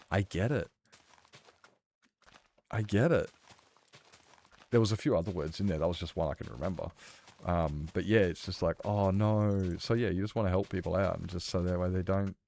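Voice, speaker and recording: A man's voice: deep voice, darkish tone. An Australian man streaming a game, chatting casually and rambling with lots of fillers while he responds to chat.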